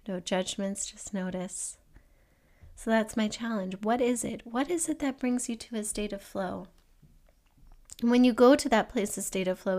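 A woman hosting a solo podcast, talking earnestly and gently encouraging listeners with questions for them to think about. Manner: acts out an excited child in a higher voice. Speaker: podcast host. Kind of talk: reflective solo podcast monologue.

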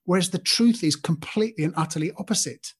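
In this clip the British podcast host, a man in his fifties, talks fast in a high, slightly rough voice. His Christian talk is earnest and informal, and he calls out to listeners by name.

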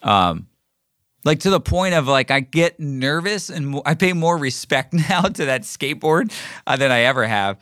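A man's voice: a little high, lively intonation, moderate pace, a bit bright, no room sound, clean studio sound. A middle-aged man hosting his own podcast, telling a casual story in a rambling way with many fillers and restarts. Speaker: podcast host. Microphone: recording himself solo.

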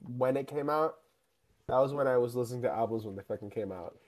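A young man co-hosting a podcast in easy, casual chat. He talks in a chatty, giggly way and often laughs partway through a sentence. His voice sits in a middle pitch. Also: fast, a little mellow. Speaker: podcast co-host.

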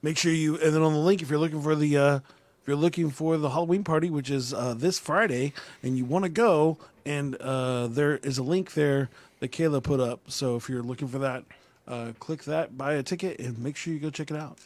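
A man's voice: a little high, fairly quick, darkish tone, no room sound. A man hosting a casual podcast, talking in a rambling, easygoing way and often restarting his sentences. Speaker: podcast host. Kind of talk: casual chat.

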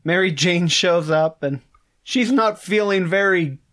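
Male co-host, lighter pitch, casual plot rundown. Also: unhurried, fairly bright tone. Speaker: podcast co-host. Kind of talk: casual movie-recap chat.

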